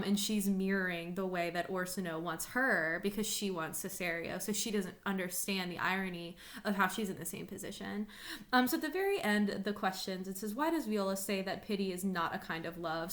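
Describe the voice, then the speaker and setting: A woman's voice: medium pitch, a bit bright. A woman teacher in a recorded online lesson, explaining a play in a casual way, full of "like" and "um". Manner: casual, paraphrasing with lots of "like" and "um". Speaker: English teacher.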